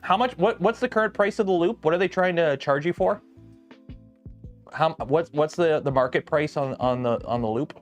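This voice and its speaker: A man's voice: on the high side, moderate pace, faint music behind. Chatty man rambling through a garage build. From lives south of Detroit. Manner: rambling, chatty, many ums and restarts. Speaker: livestream host building a 3D printer. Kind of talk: casual livestream chat. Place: garage workshop.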